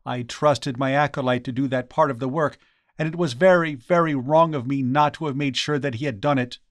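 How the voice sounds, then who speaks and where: A man reading aloud, voicing a distressed old priest in a high, anguished tone with a slow lament. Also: dry recording, studio quality, close to an everyday voice. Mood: remorseful. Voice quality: pitched well above the reader's own voice.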